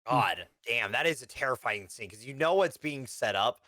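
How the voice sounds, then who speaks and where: A young man co-hosting a podcast over a voice call, chatting in an animated, playful way with lots of restarts. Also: medium pitch, normal speed, no echo, studio quality. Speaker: podcast co-host. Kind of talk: casual chat. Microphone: remote call over voice chat.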